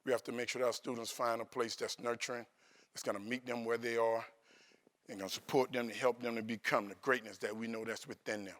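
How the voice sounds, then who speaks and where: A man's voice: mid-range voice, quick pace. A man, a motivational speaker telling humorous stories to a live audience at a university event. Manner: animated, comic, playful with the audience. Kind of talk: humorous storytelling speech.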